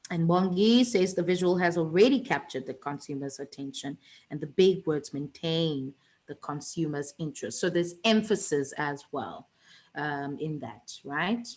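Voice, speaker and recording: A woman's voice: deep voice, normal speed, a little mellow, rough recording. A woman teaching an online revision lesson, chatty and teasing, with many fillers and restarts.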